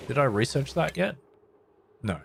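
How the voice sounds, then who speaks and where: A man's voice: medium pitch, animated, normal speed, vocal fry, a little hiss or hum. A man casually live-streaming a game, thinking aloud as he builds and chatting playfully with his viewers.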